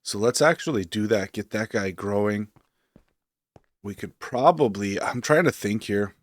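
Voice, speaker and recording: Streamer, male, low-pitched, relaxed rambling delivery, dry room sound. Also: a little slow, dry recording. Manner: relaxed, rambling, thinking aloud with fillers. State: hiccups. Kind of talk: casual gameplay commentary.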